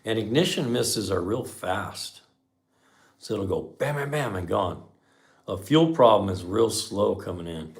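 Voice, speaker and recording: A middle-aged mechanic hosting a live stream speaks at a moderate pace in a fairly low, expressive voice. He chats casually with viewers, spinning folksy shop stories and saying "man" a lot.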